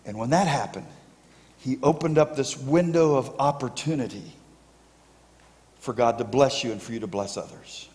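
A man's voice: medium pitch, normal speed, long pauses, a little mellow. A male pastor preaching a sermon, emphatically rallying his congregation to answer him back. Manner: emphatic call-and-response with congregation. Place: church sanctuary. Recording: echoey church sanctuary.

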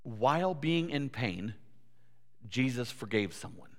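Earnest pastor in a reverberant church. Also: male voice, mid-range voice, expressive, slow pace. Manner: earnest, rising to emphatic peaks, repeats words. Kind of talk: sermon. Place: church sanctuary. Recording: long church hall reverb.

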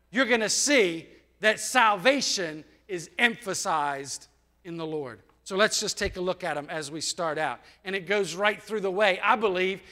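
A man's voice: sits high, pushed and bright. A man preaching a sermon in a folksy, conversational way, asking the congregation rhetorical questions. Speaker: pastor. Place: church.

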